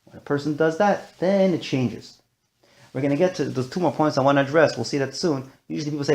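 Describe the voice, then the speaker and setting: A man's voice: a little high, fast talker, vocal fry, a little mellow. A man teaching a discussion-style class, talking animatedly and mixing in Yiddish and Hebrew terms. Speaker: Torah teacher.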